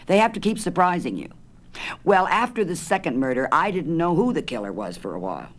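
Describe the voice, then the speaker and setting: A man's voice: on the high side, very animated, a little fast, voice pushed up. A man doing a know-it-all American lady. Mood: confident. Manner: insistent, eager, know-it-all. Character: chatty, opinionated American woman, mystery-novel fan.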